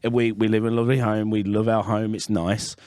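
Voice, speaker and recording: A man's voice: on the low side, flat delivery, fast, darkish tone, no room sound, studio quality. A man co-hosting a podcast, telling rambling personal stories in casual chat. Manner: chatty, rambling storyteller with restarts. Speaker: podcast co-host.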